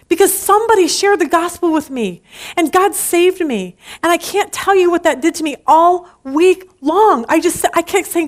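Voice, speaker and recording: A woman with a high voice teaches a church Bible study group. She speaks earnestly and presses her points home with emphatic urging, often restarting mid-sentence.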